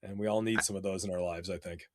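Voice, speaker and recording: A man telling casual stories as a podcast guest, animated and rambling, with many fillers. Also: low voice, quick pace, no echo. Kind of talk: casual storytelling.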